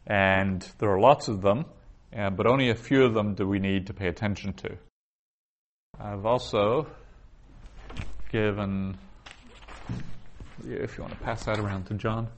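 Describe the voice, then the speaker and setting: Middle-aged male teacher, lowish voice, patient classroom lecture, halting with fillers. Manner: explanatory, patient, with pauses and fillers.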